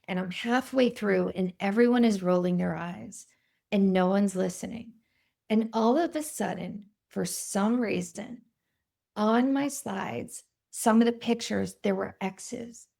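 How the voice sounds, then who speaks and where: Gravelly-voiced woman cardiologist telling stories. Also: mid-range voice, measured pace. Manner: animated, vivid storytelling with quoted voices. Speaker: cardiologist guest. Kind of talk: storytelling in a podcast interview.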